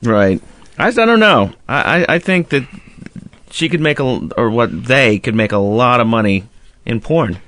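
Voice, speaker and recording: A man's voice: medium pitch, lively intonation, moderate pace, a bit bright. A man hosting a radio talk show, telling a long profane story and acting out both sides of a phone call. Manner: profane storytelling with mimicked dialogue. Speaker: radio host. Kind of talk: casual radio banter.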